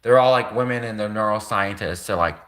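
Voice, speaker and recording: Bright-voiced, rambling young man. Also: fairly low pitch, brisk. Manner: rambling, heavy "like" filler, frequent laughter. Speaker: livestream host. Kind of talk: rambling casual monologue.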